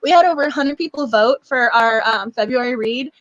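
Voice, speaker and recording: A woman's voice: a little high, brisk, muffled recording, slight background noise. A woman hosting a book club live stream in casual chat, bubbly and gushing, close to tears with emotion. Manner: bubbly, gushing, laughs often.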